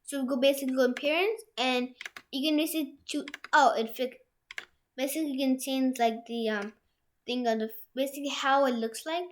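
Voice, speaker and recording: High-voiced young woman rambling through a tutorial. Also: fairly even intonation, a little fast. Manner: rambling, many restarts and fillers. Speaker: tutorial host. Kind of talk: screen-share software tutorial. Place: room at home with a printer.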